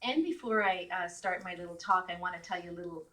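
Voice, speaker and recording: A woman's voice: fairly low pitch, quick pace, very noisy. Brief: middle-aged woman, guest speaker at an evening event, chatty, laughs often, voice picked up from across the hall. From Canada. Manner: chatty, laughs often, voice rises when animated. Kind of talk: speaking to a live audience. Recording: distant mic in a hall.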